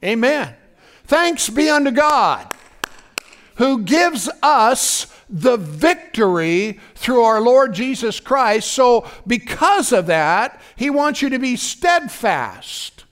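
A man's voice: very high-pitched, sing-song, takes it slowly, fairly bright tone. A man preaching a fervent sermon as pastor, often breaking in with "praise God" and asking if the congregation is listening.

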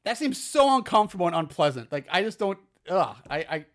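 A man's voice: sits high, very animated, brisk. A man co-hosting a podcast, rambling through crude, laughing asides about a horror movie. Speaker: podcast co-host. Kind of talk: casual profane movie discussion.

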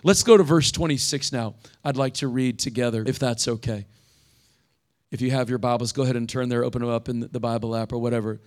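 A man's voice: mid-range voice, steady tone, brisk. Man preaching a conversational sermon. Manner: conversational preaching, reads scripture aloud with rising intensity. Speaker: pastor.

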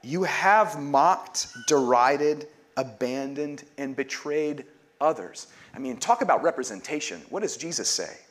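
A man's voice: fairly high pitch, lively intonation, a little slow, fairly bright tone. Earnest male pastor preaching. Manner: earnest, drops to near-whispers for emphasis; leads call-and-response prayer. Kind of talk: sermon.

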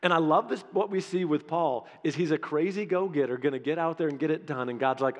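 A pastor preaching a sermon in an animated, conversational way, acting out quotes as he goes. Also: on the high side, fairly quick, hardly any pauses. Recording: long hall reverb.

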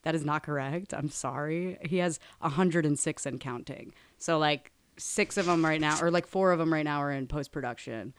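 A woman's voice: low voice, moderate pace, few pauses, clear, resonant tone. A woman in her late twenties co-hosting a podcast, chatty and self-deprecating. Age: 20s. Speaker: podcast co-host. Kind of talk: casual chat.

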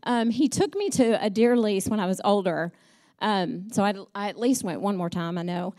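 A middle-aged woman gives a personal storytelling message at church, recalling her father in a warm-hearted, talkative way and often saying "um." She speaks at normal speed in a medium-pitched voice with a dark tone.

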